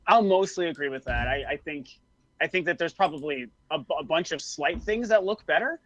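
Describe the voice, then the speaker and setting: An eager man talking fast in a casual chat, tripping over his own words as he goes. His voice sits a little high for a man. The sound is dull and lo-fi. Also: dry recording. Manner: excited, restarts a lot. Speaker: guest.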